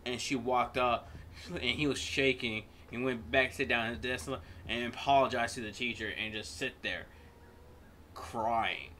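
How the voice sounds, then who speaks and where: A man's voice: medium pitch, fairly even intonation, normal speed, bright, forceful tone, slight background noise. A man hosting a reaction video, commenting casually with swearing and laughter.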